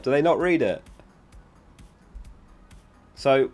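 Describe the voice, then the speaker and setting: A man's voice: fairly high pitch, animated, unhurried, a little mellow, faint music behind. A young man hosting a casual livestream, chatty and giggly as he talks to his viewers from home. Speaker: livestream host. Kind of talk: casual live-stream chat.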